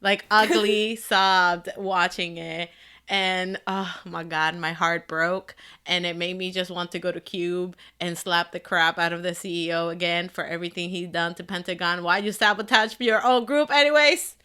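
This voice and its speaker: An excitable woman co-hosts a casual music podcast, gushing and laughing often. Her voice is bright and forward. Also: fairly low pitch, normal speed, clean tone. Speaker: podcast co-host. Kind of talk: casual chat.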